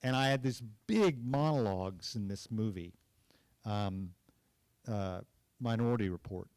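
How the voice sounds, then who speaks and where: Man, 50s, from Oklahoma: unhurried, animated anecdotes on a cinema stage, dry close mic. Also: fairly low pitch, clean tone, no echo. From Tulsa, Oklahoma. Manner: animated anecdotes with hesitations and acted quotes. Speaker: guest actor. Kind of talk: storytelling in an onstage conversation. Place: cinema stage before an audience.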